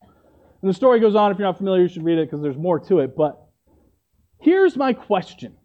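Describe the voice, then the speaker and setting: A man's voice: sits high, very animated, brisk, highs cut off. A man preaching a sermon, retelling a story in a conversational way and often checking in with "right?".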